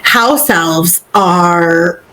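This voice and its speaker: Slow, chatty woman podcast host. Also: fairly low pitch, bright, forceful tone, low-quality recording. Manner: chatty, slow, playful retelling. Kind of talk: casual chapter recap.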